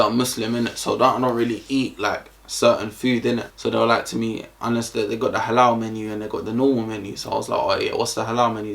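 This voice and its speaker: A man's voice: mid-range voice, gravelly. A young man with a London accent, telling a casual storytime vlog in a slangy, rambling way full of fillers. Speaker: vlogger.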